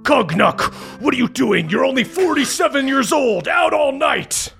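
A man voicing a fussing old deep-folk mother with a high, gravelly, scolding voice. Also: moderate pace, faint music behind, heavily acted. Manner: scolding, shouting.

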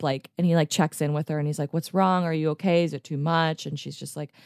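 A woman's voice: sits low, fast talker, few pauses, darkish tone, no room sound, clean studio sound. Enthusiastic rambling woman podcaster. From United States. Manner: enthusiastic, rambling storyteller, many "like" fillers, acts out quotes. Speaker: podcast co-host. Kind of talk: casual podcast chat.

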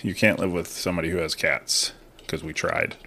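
A man's voice: sits low, steady tone, normal speed, creaky, sharp tone, a little hiss or hum. A man co-hosting a podcast, chatting casually, reading questions aloud and cracking crude jokes. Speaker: podcast co-host. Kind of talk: casual chat over cocktails.

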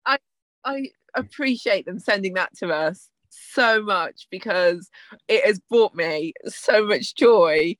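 Excitable woman podcast co-host. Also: mid-range voice, slow, no room sound. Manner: excitable, laughs often, gushing. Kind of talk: casual chat.

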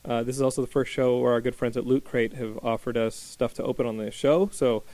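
Gravelly guy hosting a podcast, rambly with lots of ums, dry close sound. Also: mid-range voice, steady tone, fairly quick, dark tone, no echo. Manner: rambling, restarts with many ums. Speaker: podcast host. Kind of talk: casual podcast chat. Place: small recording studio.

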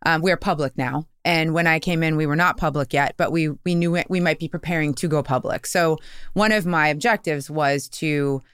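Clear-voiced woman giving business advice. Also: deep voice, a little fast, dry recording, studio quality. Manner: explanatory, tags points with "right?". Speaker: marketing executive guest. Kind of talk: conversational advice.

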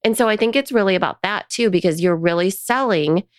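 A woman co-hosting a casual business podcast, chatty and quick with asides. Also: mid-range voice, no room sound, clean studio sound. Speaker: podcast co-host.

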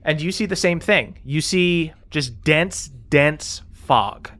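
Upbeat bright-voiced man running a game. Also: fairly high pitch, expressive, slow pace. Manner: loose, upbeat, lots of fillers. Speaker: game master. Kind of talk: narrating a tabletop game.

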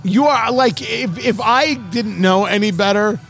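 A man hosting a casual podcast, joking and talking fast with lively, restless energy. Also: sits high, vocal fry. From New Jersey, USA. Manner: quick, animated, jokey, talks over others. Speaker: podcast host. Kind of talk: casual chat.

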